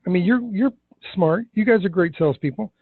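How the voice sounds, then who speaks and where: A man teaching sales technique in a webinar, emphatic, acting out scripted questions with deliberate pauses. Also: high voice, husky, dry recording. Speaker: sales trainer. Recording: tinny phone-like webinar audio.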